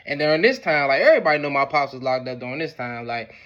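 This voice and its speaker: A man tells a personal story in casual, slangy, laid-back speech full of fillers like "boom" and "whatever the case may be." His voice is animated, quick and a bit bright, with a lo-fi sound.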